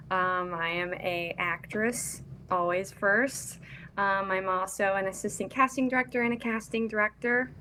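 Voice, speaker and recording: A woman's voice: medium pitch, sharp tone. Young woman from Kentucky, chatty and giggly, podcast guest, faint background hiss. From Louisville, Kentucky. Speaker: actress and casting director guest. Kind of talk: casual interview.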